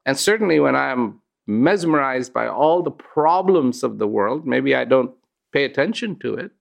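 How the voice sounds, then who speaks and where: A middle-aged man giving a reflective inspirational talk, unhurried and storytelling, with sudden lifts in pitch. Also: gravelly. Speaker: host, speaker.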